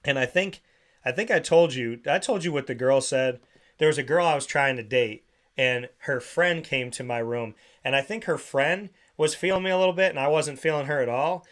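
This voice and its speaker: A man's voice: mid-range voice, moderate pace. A man hosting a sports talk show, telling a story in casual chat and acting out the voices of the people in it. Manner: animated storyteller, acts out quoted voices. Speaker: show host. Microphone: studio microphone.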